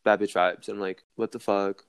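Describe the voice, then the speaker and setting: A teenage boy co-hosting a podcast in casual chat, dramatic and jumping into high squealing impressions. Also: flat delivery, fairly quick, clear, resonant tone. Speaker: podcast co-host.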